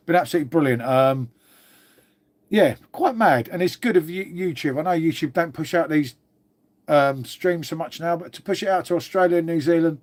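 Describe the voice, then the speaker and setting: A middle-aged man from England chats through a live stream in a loose, rambling way, swearing freely and calling everyone mate. His voice sits slightly higher than most men's. He talks as if to a crowd of regulars. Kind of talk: casual live stream chat.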